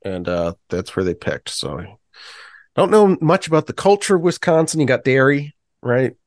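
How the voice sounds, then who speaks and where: A man's voice: mid-range voice, sing-song, normal speed, no room sound, studio quality. A man co-hosting a podcast, trading crude, mocking jokes in casual comedic chat. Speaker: podcast co-host.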